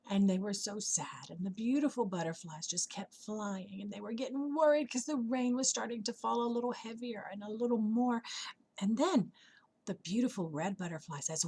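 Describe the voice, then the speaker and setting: Husky woman telling a children's story. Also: mid-range voice, normal speed. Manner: gentle, expressive, with whispered asides. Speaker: storyteller at church. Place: church.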